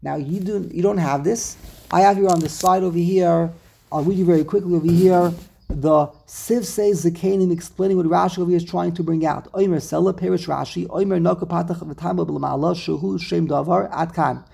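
Gravelly man teaching a text lesson. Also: high voice, brisk. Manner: animated, rhetorical questions, reads Hebrew terms aloud. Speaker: Torah teacher.

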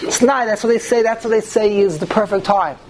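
Male teacher in a small study room, high-pitched, quizzes the room, lots of restarts. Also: a little fast, darkish tone, slight background noise. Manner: asks the group rhetorical questions and restarts sentences often. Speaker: rabbi teaching a class. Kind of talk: Torah class on prayer law.

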